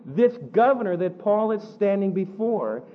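A man preaching a sermon, animated, acting out the quotes he tells. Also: high-pitched, a little slow, highs cut off. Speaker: pastor.

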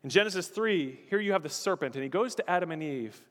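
A man's voice: fairly high pitch, lively intonation, fast talker, a bit bright, big-room sound. A male pastor preaching a sermon in an emphatic, repetitive style. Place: church.

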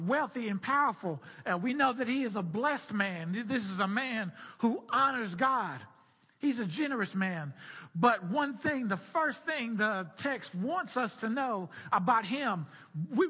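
A man preaching a sermon with a high, bright, tense voice and a husky, breathy edge. He walks through scripture verse by verse and repeats key phrases for emphasis. Long reverb hangs after his words, as in a large hall. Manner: explains scripture in a teaching tone.

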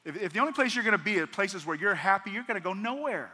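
Male pastor, sermon delivery, bright piercing tone, long church-hall echo. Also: sits high, expressive, fast. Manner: preaching with acted-out dialogue and rhetorical questions.

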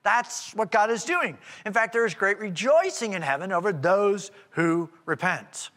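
Male preacher, high and animated, chatty explaining with asides, long church-hall reverb. Casting note. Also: measured pace. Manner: conversational, explaining with rhetorical asides. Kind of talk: expository sermon.

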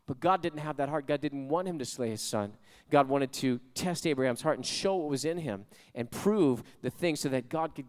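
A male pastor preaching a sermon, rising to loud, shouted exhortation and then leading a quiet, slow prayer. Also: fairly high pitch, clean tone, in a large hall.

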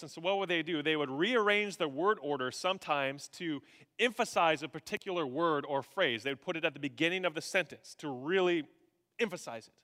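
A man preaching a sermon in a long-echoing hall, his voice bright and forceful. He is animated and dramatic, jumping from loud bursts to hushed, heavy emphasis. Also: a little high. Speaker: pastor.

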